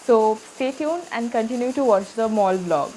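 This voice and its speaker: A woman's voice: on the high side, expressive, moderate pace, darkish tone, a little hiss or hum. A woman food vlogger with an Indian English accent, narrating in a chatty, friendly way with frequent fillers. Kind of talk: casual vlog narration.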